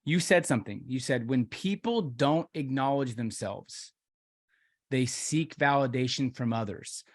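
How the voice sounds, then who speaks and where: A man's voice: mid-range voice, a little slow. A man hosting a podcast interview, talking in an enthusiastic, reflective way. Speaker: podcast host. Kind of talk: interview conversation.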